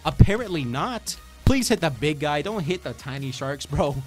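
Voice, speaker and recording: A young man giving excitable commentary over his own gameplay, talking to the enemy and exclaiming as he plays. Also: on the high side, normal speed, soft background music. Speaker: gaming YouTuber.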